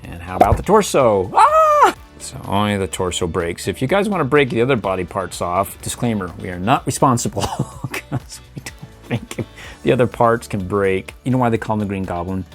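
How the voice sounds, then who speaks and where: This middle-aged toy reviewer talks briskly in a fairly low voice with lively intonation, faint music playing behind him. He keeps it casual and playful, laughing and making sound effects while posing figures.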